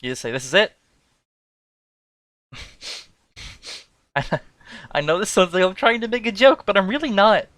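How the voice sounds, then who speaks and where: A man from Newfoundland with a mild Newfoundland accent, chatting casually as a streamer, amused and quick to explain. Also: sits high, big pitch swings, fairly bright tone, dry recording. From Newfoundland, Canada. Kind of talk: casual chat.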